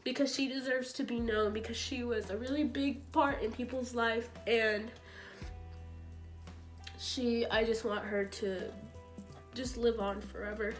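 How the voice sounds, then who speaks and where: A woman's voice: a little high, fairly even intonation, a little slow, long pauses, faint music behind. Tearful young woman telling a story. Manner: rambling, heavy use of "like", acts out quoted talk. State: tearful, voice breaking. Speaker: vlogger. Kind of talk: emotional storytime vlog.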